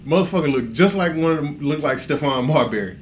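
A man's voice: a little high, expressive, fast, slight background noise. A man co-hosting a podcast, telling a story in casual, profane speech, often laughing and acting out the people in it. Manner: profane, laughing, acts out dialogue. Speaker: podcast co-host.

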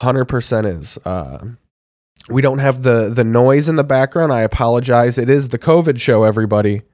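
A man's voice: mid-range voice, normal speed, a little mellow, dry recording, clean studio sound. A man hosting a podcast while sick with covid, chatting casually in a rambling, crude, joking way. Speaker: podcast host. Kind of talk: casual profane chat.

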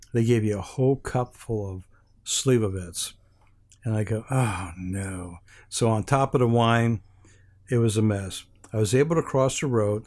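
A man's voice: lowish voice, darkish tone. An older man from Hawaii, an interview guest telling a rambling anecdote with many restarts and fillers, acting out the other people's lines as he goes.

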